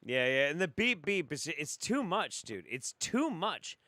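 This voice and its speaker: A man's voice: on the high side, big pitch swings, measured pace, bright, forceful tone, dry recording. A man hosting a reaction commentary show, swearing freely and breaking into incredulous laughter. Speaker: host.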